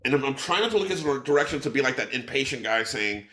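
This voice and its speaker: A man with a bright, forceful voice spins an excited story in casual chat, swearing as he goes and slipping into other people's lines. His voice rings in a roomy, echoey space. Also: medium pitch, fast talker. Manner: animated, swears freely, acts out quotes. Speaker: podcast guest, drummer.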